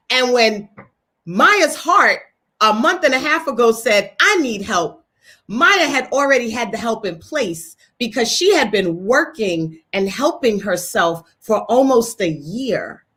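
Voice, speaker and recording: A woman's voice: a little high, pushed and bright, breathy edge. A woman co-hosting a talk show, speaking emphatically and repeating key words for effect.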